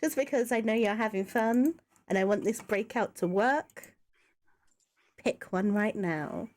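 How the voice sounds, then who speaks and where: A woman running a tabletop game as game master, halting as she speaks, with many fillers and restarts. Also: mid-range voice, a little mellow.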